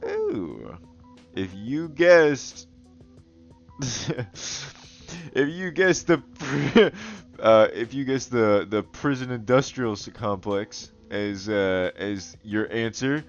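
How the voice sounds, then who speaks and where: A man with a lowish, lively voice takes his time while drawing and joking crudely with his viewers, laughing often. He is a digital artist and video host who dubs himself the Goblin King, and the recording is dull and lo-fi with faint music.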